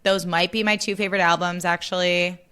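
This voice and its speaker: A woman's voice: on the low side, fairly even intonation, fairly quick, bright, forceful tone, clean tone. A young adult woman hosting a casual solo podcast, bubbly and chatty, peppering her talk with "like" and swearing freely. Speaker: podcast host.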